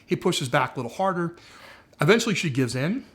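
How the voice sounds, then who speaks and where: A man casually talking through a TV series story pitch in a conversational way, full of "like" and "uh". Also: very animated, brisk, fairly bright tone. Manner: conversational, frequent "like" and "uh".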